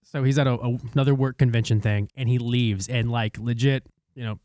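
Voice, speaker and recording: A man's voice: medium pitch, brisk, dry recording, clean studio sound. A young man telling a story on a podcast, swearing a lot and laughing between lines. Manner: laughing, profane, animated storytelling. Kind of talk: casual storytelling chat.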